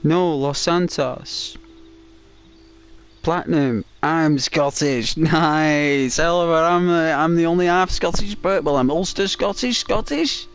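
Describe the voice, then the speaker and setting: A man's voice: fairly high pitch, takes it slowly, a little hiss or hum. A man from England livestreaming a game, chatting casually and encouragingly with viewers by name as he reads their comments. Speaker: gaming livestreamer.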